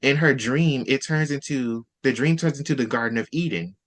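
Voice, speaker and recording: A man hosting a casual book discussion, retelling scenes with lively voiced-out quotes. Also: mid-range voice, normal speed. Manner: animated storytelling, acts out character lines.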